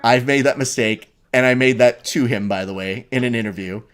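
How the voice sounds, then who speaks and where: A man hosting a casual live stream, commenting on grappling matches and telling animated, profane stories. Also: medium pitch, a little fast, clear, resonant tone. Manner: animated storyteller, swears freely. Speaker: host.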